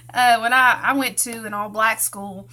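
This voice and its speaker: A woman's voice: fairly high pitch, sharp tone. A woman with a Southern US country accent, from Tennessee, chatting folksily while hosting a live craft tutorial and greeting viewers by name. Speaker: craft channel host.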